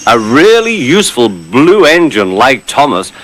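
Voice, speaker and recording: A man's voice: mid-range voice, big pitch swings, unhurried, a bit bright, poor audio. A man voicing a small, cheeky male tank engine in a mocking, gleeful way. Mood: gloating.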